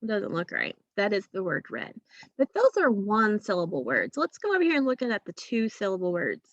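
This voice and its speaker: A woman's voice: medium pitch, big pitch swings, a little fast, no echo, lo-fi sound. A woman teacher giving a phonics lesson to young children, patient and drawing out each sound.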